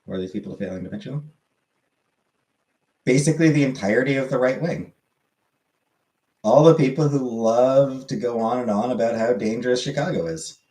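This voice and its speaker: A man's voice: mid-range voice, normal speed, long pauses, mellow. A man hosting a livestream, chatting casually with his viewers and often correcting himself mid-sentence as he rambles. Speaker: livestream host answering chat. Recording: roomy echoey room.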